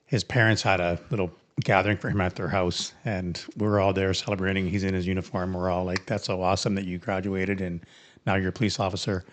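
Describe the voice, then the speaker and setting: A man co-hosting a podcast, relaxed, recounting an old prank with lively quoted dialogue. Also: sits low, quick pace. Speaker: podcast co-host. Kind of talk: casual storytelling among friends.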